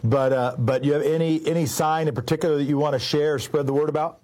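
A man's voice: on the high side, fairly even intonation, fast, a little mellow. A man hosting a call-in radio talk show, talking earnestly and stressing his points. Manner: earnest, emphatic, restarts phrases.

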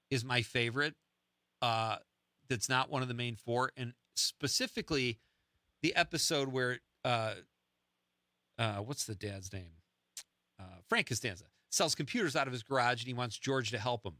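A man hosting a radio talk show with a bright, forceful voice that rises and falls animatedly. He is chatty and laughs often. The sound is dry and close on a studio mic. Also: medium pitch, dry recording. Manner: chatty, laughs often, quotes lines playfully. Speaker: radio host. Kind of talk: casual radio chat.

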